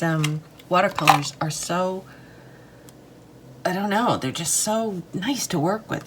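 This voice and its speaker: A woman's voice: lowish voice, slight background noise. A woman vlogging about art supplies while she draws, chatting casually in a rambling, hesitant, self-deprecating way. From United States. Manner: talks while drawing and coloring. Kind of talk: casual chat while drawing.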